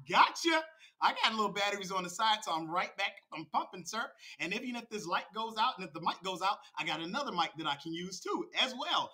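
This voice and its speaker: Hoarse, high-pitched man ranting on a stream. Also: pushed and bright. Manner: mocking, confrontational; high-strung. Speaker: crypto livestream host. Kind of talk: livestream rant.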